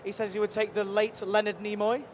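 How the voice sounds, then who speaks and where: A man hosting a live stream from a busy convention booth, chatty and energetic, rambling with quick restarts. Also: high voice. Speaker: livestream host at a game convention booth. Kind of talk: upbeat live event hosting. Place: busy convention show floor. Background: faint crowd noise.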